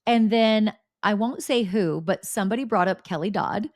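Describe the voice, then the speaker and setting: A woman's voice: medium pitch, moderate pace, no echo, studio quality. A woman hosting a podcast, telling candid gossip stories in casual chat with blunt swearing. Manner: animated, candid storytelling with swearing. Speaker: podcast host.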